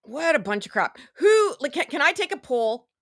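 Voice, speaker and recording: A woman's voice: high voice, big pitch swings, normal speed, fairly bright tone, no echo, studio quality. A woman hosting a casual live stream, talking in a sarcastic, rambling, chatty way. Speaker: online show host.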